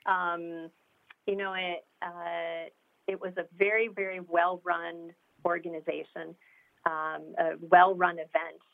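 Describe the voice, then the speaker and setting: Woman founder, low gravelly voice, eager explainer, tinny phone audio. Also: little pitch movement, takes it slowly. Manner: enthusiastic, explanatory, many fillers. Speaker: startup founder. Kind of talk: interview answers.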